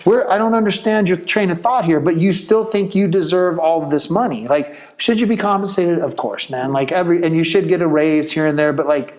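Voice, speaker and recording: A retired police officer speaking in a casual interview, blunt and animated, full of "like" and "man". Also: a little high, a little fast, hardly any pauses, rough recording.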